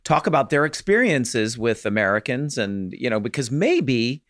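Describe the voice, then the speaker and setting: A man's voice: mid-range voice, big pitch swings, normal speed, a bit bright, dry recording, clean studio sound. A man, a podcast co-host, giving wry reactions and jokes in casual chat.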